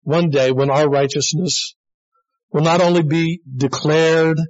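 Man in his sixties preaching, higher voice. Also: fairly even intonation, a little slow. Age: 60s. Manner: earnest, plain-spoken, addresses the congregation as folks. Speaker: pastor. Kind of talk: conversational sermon. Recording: dull lo-fi recording.

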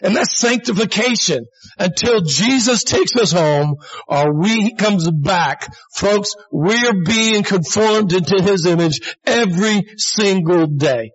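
A man's voice: sits high, animated, takes it slowly, slightly rough. A pastor in his sixties giving an earnest, conversational sermon in a plain-spoken way. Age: 60s. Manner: earnest, plain-spoken, addresses the congregation as folks. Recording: dull lo-fi recording.

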